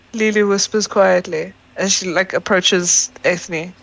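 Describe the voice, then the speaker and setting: A woman playing a tabletop game, bubbly and quick to gasp and laugh as she narrates her character's actions. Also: fairly low pitch, steady tone, gravelly, a bit bright, poor audio. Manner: bubbly, gasps and laughs often. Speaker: player.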